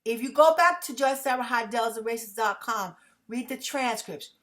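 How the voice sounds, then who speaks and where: A tired woman talking fast and emphatically to her viewers in a casual vlog monologue, often checking in with "okay?". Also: on the high side, a bit bright. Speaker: vlogger.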